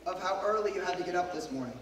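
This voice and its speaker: A man's voice: sits high, rapid-fire, very noisy. A man who is losing his voice, giving a devotional talk to a group of young people, telling a story and asking the crowd questions. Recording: echoey hall, speaker far from mic.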